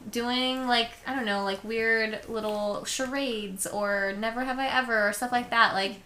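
Bright chatty woman saying "like" a lot. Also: a little high, steady tone, a little slow. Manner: chatty, says "like" constantly. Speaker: podcast co-host. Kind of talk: casual podcast chat. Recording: echoey room, faint music.

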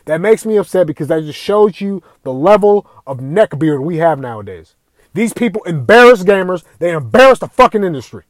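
High-voiced man in a heated, swearing rant. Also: sing-song, brisk, dry recording. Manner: heated, swearing constantly, raising voice at times. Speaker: video ranter. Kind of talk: angry profane rant.

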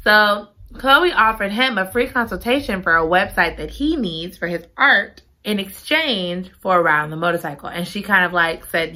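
Gushy woman doing a casual book recap, bright voice, keeps repeating her hype lines. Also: fairly low pitch, lively intonation, normal speed, hardly any pauses. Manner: gushing, giggly, repeats exclamations. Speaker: book reviewer.

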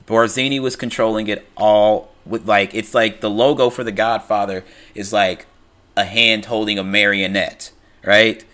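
A man talks through a film's story in an easygoing, rambling way, stopping to restart his sentences and filling gaps with "like" and "you know." His voice sits on the low side but has a bright, forceful edge. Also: steady tone, moderate pace. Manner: conversational, loose, with fillers and restarts, acting out quoted lines. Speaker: film recap commentator. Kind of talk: casual retelling of a film plot.

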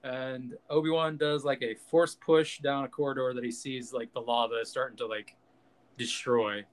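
A man's voice: medium pitch, level tone, normal speed. A man hosting a podcast, ranting in casual, profane, jokey chat and acting out quotes. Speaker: podcast host.

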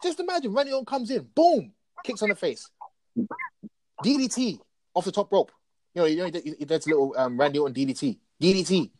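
A man talking casually about wrestling as a podcast co-host, telling stories in an animated, excitable way. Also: high-pitched, brisk, no room sound, low-quality recording.

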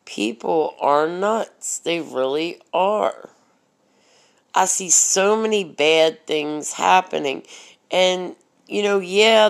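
Slow, low-voiced woman ranting. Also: gravelly. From Baltimore, USA. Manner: blunt and profane, many ums, mocking asides. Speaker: vlogger commenting on local news. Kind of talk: casual rant.

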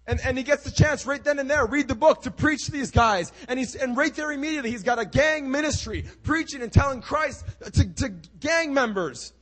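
A man preaching a sermon as an animated story, acting out the lines of the people in it. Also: very high-pitched, normal speed. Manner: animated, acting out quoted dialogue.

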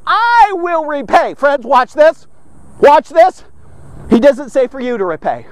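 A man's voice: extremely high pitch, big pitch swings, a little slow, darkish tone, no room sound. A man preaching a devotional podcast sermon, fervent and emphatic, asking and answering his own rhetorical questions.

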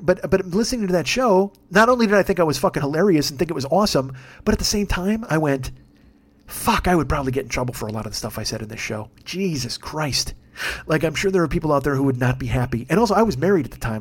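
A man hosting a comedic podcast, talking in a profane, rambling rant. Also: high-pitched. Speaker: podcast host.

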